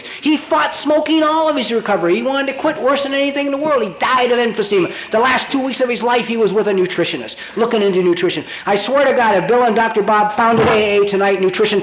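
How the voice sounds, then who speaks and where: A man in his fifties with a high voice gives a comic, confessional talk from a podium, blunt and wry, leaning hard on key words. The sound is an old convention-hall tape with plenty of room echo and a faint hiss underneath. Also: fairly bright tone. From Colorado, USA. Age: 50s. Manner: blunt, wry and emphatic, swearing for punch. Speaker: recovery speaker. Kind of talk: comic confessional storytelling speech. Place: large convention hall with audience.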